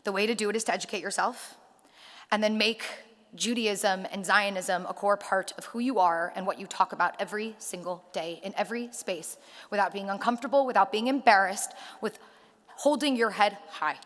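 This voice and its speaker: A woman giving a rally speech, telling stories and acting out the dialogue with lively energy. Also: mid-range voice, fairly quick. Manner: animated storyteller acting out dialogue. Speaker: rally speaker. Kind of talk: public speech with storytelling. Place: synagogue hall at a rally. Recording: reverberant hall.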